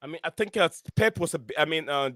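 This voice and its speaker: A man hosting a live football review show, excitable and fond of shout-outs and repeating names. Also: fairly high pitch, fast talker, no echo, clean studio sound. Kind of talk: live fan call-in chat.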